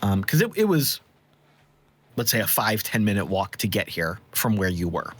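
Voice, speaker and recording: A man running a tabletop game as game master, describing scenes in a measured way, with occasional ums. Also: on the low side, sing-song, fairly bright tone, husky.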